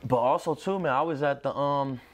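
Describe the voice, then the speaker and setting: A man with a Boston accent chimes in during a relaxed conversation. He is laid-back and keeps dropping quick words of agreement. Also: medium pitch. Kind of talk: casual chat.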